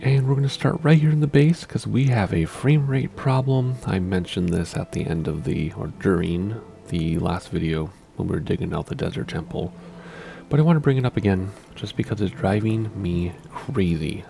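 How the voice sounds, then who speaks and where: Hushed, gravelly low-voiced man. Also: expressive, normal speed, faint music behind. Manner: hushed, keeping quiet so as not to wake people. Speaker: Minecraft server let's-play host. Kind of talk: casual gameplay commentary. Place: at home, indoors. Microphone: very close to the microphone.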